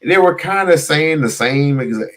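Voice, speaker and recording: This is a man with a higher-than-usual voice, giving casual stream commentary. His pitch and loudness swing widely as he drives his points home. He talks straight to his audience, swearing and throwing out rhetorical questions. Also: moderate pace. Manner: animated and emphatic, cursing, with big swings in pitch and loudness. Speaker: host reacting to a clip.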